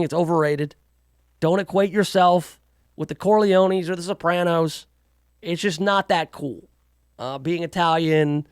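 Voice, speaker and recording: A man's voice: sits high, a bit bright, no echo, studio quality. A man hosting a talk radio show, delivering a rambling, sarcastic monologue full of jokey asides. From United States. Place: radio studio.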